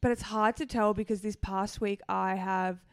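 A woman's voice: mid-range voice, fairly even intonation, moderate pace, clear, resonant tone, no room sound. A young woman co-hosting a podcast in casual chat, explaining things at length and swearing freely. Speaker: podcast co-host.

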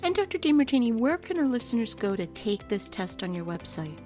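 Lively-voiced woman radio host. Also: on the high side, brisk, soft background music. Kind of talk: scripted radio show outro.

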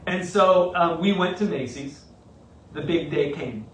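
A middle-aged man, a pastor, telling a story in a sermon with animated, self-mocking humor. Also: a little high, unhurried, a little hiss or hum. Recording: roomy, from a distance.

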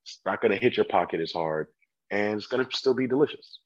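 A man with a somewhat low, husky voice chats easily as a sommelier guest. He tells lively stories and pops into customers' voices along the way. The sound is a little dull and lo-fi. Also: fairly quick. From California. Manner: animated storyteller, acts out customers' voices. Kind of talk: casual chat.

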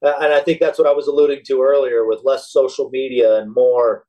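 A man's voice: medium pitch, little pitch movement, brisk, dark tone, low-quality recording. A man, a former special operations soldier, talking casually as a podcast guest, hesitant and repeating words as he thinks. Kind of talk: casual interview chat.

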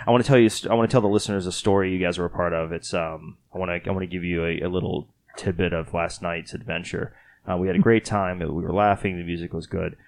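Deep, creaky and somewhat dark, this man's voice holds a steady tone while he speaks quickly. He hosts a podcast from Texas and, worn out from a late night, rambles through casual chat full of self-mocking jokes.

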